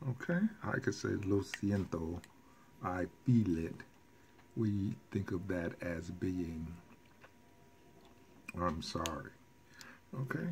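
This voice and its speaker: A man teaching a recorded language lesson in an unhurried, careful way. His voice sits fairly low and he pauses for casual asides and quick self-corrections. Faint background noise runs under the recording. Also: darkish tone. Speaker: Spanish teacher.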